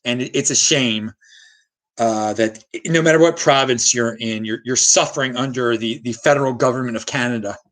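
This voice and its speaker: Hosting a solo livestream, a man from the United States speaks at a moderate pace in a medium-pitched, fairly bright voice. He reads chat comments aloud and rants, voicing strong opinions.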